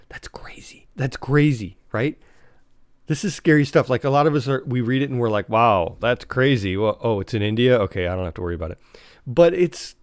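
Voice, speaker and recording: A man's voice: medium pitch, a little mellow, no echo, studio quality. A man hosting a podcast on his own, talking casually. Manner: rambling, full of fillers and restarts. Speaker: podcast host. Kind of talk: casual solo podcast talk.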